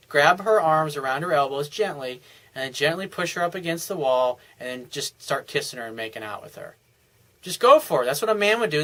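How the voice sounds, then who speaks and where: A man's voice: on the high side, pushed and bright, poor audio. A man working as a dating coach, reading out a listener's letter and answering it in a blunt, emphatic, lecturing way.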